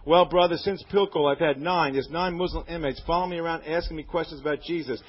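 On a dull, lo-fi radio broadcast, a preacher reads out a letter from a listener in his sermon with earnest, fervent praise. He talks fast in a steady tone, his voice a little high and slightly rough.

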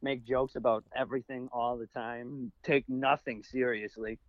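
A man co-hosting a podcast, joking and bantering in an animated way that breaks into laughs. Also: mid-range voice, normal speed, lo-fi sound. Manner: animated, jokey, laughs often. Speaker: podcast co-host. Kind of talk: casual banter.

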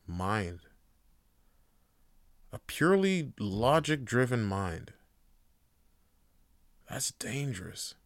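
A man hosting a podcast, talking casually and profanely, swinging from heated rants to quiet musing. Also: on the low side, dry recording, studio quality. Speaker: podcast host. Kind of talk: casual monologue.

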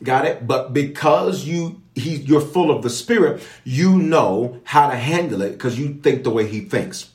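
A man's voice: medium pitch, expressive, a little slow, few pauses, a little mellow. Man, pastor type, medium voice, repetitive call-and-response preaching, roomy echo. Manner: preacherly, repeats phrases, calls for responses from viewers. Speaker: pastor leading online prayer. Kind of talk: livestream sermon and prayer teaching. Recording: echoey room.

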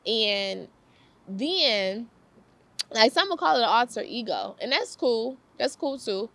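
A young woman giving a casual devotional talk, lively and slangy, laughing often and repeating her phrases for emphasis. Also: mid-range voice, vocal fry. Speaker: faith talk host.

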